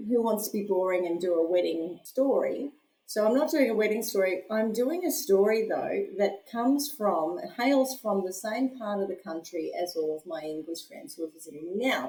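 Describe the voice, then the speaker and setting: A woman's voice: mid-range voice, a little mellow. Chatty woman podcast host, echoey room. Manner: chatty, laughs often, self-deprecating. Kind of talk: casual chat. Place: home.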